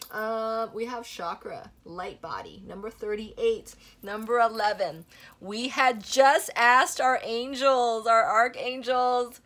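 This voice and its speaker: A woman's voice: a little high, slow pace, a bit bright. A young adult woman giving a spiritual tarot reading to camera, gushing over the cards and checking in with "okay?" and "you know" as she goes. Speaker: tarot reader.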